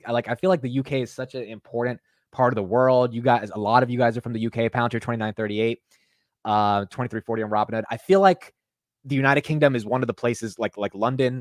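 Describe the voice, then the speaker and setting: A young man hosting a finance livestream, talking in an excitable, rambling way and calling his viewers bro and dude. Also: mid-range voice, dry recording, studio quality. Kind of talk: casual live-stream chat.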